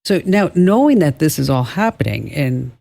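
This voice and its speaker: A man's voice: a little high, big pitch swings, normal speed, creaky, mellow. A man hosting a call-in radio show about technology, talking conversationally and often restarting his phrases. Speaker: radio tech show host. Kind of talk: call-in radio talk and tech tips.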